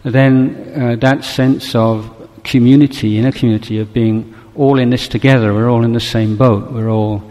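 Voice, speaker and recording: A man giving a Buddhist dharma talk, telling a story in a gentle, halting, reflective way. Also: medium pitch, flat delivery. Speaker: Buddhist teacher. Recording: long hall reverb.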